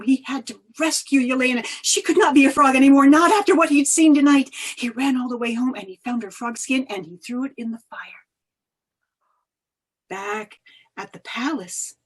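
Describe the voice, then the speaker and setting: Husky, expressive woman storyteller. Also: fairly high pitch. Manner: expressive, dramatic swings of loudness. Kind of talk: oral folk-tale storytelling. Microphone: video call.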